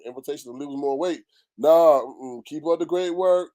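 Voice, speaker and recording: Brief: casual male commentary host, pitched a little high, loose and slangy. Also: moderate pace. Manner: animated, loose and talkative, with slang and profanity.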